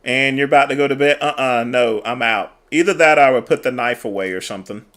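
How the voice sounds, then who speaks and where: A man's voice: medium pitch, fast, fairly bright tone. A man hosting a livestream, talking casually to viewers with hesitant fillers. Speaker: livestream host. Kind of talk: casual commentary on a played clip.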